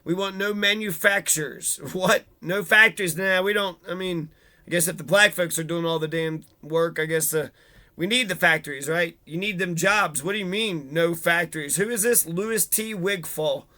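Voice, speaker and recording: A man with a high, bright voice riffs on old history in a loose, sarcastic way. He swears freely and mocks the quotes he reads aloud. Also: moderate pace. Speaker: history channel host. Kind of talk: casual history commentary.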